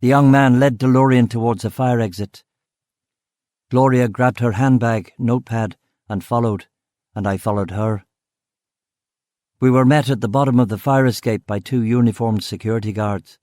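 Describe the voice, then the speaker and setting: A man narrating a crime novel in the first person, steady and measured. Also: mid-range voice, dry recording, clean studio sound. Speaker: audiobook narrator.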